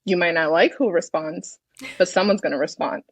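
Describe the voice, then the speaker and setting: A woman's voice: lowish voice, normal speed, husky, no room sound. A woman in her thirties, a podcast guest, talking in a confident, frank way and swearing freely in casual chat. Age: 30s.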